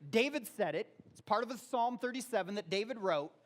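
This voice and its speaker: A man preaching a sermon in a church, talking casually and rising loud on quoted verses. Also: sits high, expressive, brisk. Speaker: pastor. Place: church auditorium.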